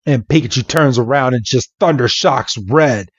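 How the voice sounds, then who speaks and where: A man hosting a podcast, giving a playful, animated comic recap narration. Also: mid-range voice, moderate pace, husky, no room sound, highs cut off. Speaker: podcast host.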